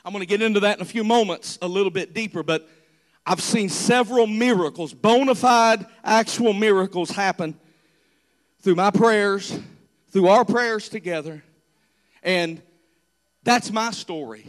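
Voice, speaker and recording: A man's voice: high voice, a little slow. A man pastor giving an earnest, dramatic sermon testimony. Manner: earnest, dramatic storytelling preacher.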